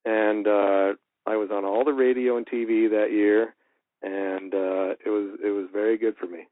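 A man telling a story as a voice actor in an interview, lively and acting out the lines he quotes. His voice sits a little low and comes over a tinny, phone-like line. The sound is dry and close. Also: normal speed, dry recording. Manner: animated, acts out quoted dialogue. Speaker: voice actor guest.

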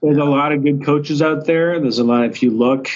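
A male actor, a podcast guest, chatting casually in a relaxed, rambling way with frequent restarts. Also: a little high, normal speed, dull audio. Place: Vancouver.

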